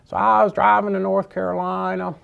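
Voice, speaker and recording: A man recounting the words of a plain-talking old Southern man in a slow, matter-of-fact way. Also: high-pitched, flat delivery, gravelly, fairly bright tone, clean tone, lo-fi sound, voice pushed up, full character voice.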